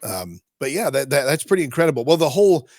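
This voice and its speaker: A man's voice: medium pitch, sing-song, a little mellow, no room sound, clean studio sound. A man from Kentucky hosting a casual podcast chat, asking questions eagerly and stumbling over restarts. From Eastern Kentucky. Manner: quick, stumbling restarts, enthusiastic. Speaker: podcast host.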